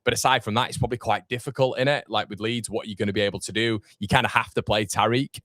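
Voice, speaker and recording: A man's voice: on the low side, steady tone, fast talker, fairly bright tone, no room sound, clean studio sound. A man, hosting a fan watchalong live stream, chatting casually and rambling with fillers as he reads comments. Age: 30s. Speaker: fan channel watchalong host.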